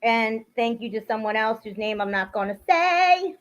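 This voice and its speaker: A woman's voice: on the high side, lively intonation, normal speed. A woman hosting a casual livestream, greeting viewers by name and venting bluntly with plenty of swearing. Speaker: livestream host. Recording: dull lo-fi stream audio.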